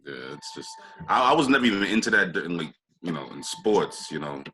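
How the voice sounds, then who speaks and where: A man's voice: sits low, sing-song, a little fast, crowd noise, rough recording. A man joking around in a casual podcast chat.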